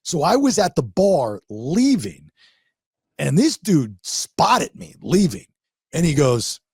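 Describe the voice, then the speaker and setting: Lively man telling radio stories. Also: on the high side, slow, vocal fry, slightly rough, dry recording, studio quality. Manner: animated storyteller, rising excitement in anecdotes. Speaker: radio host. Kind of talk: casual podcast chat, storytelling.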